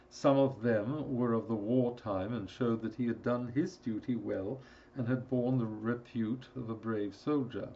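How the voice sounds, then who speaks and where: A man narrating a classic story in a steady, measured storytelling voice. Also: medium pitch, creaky, dull audio, slight background noise. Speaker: audiobook narrator. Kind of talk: scripted narration.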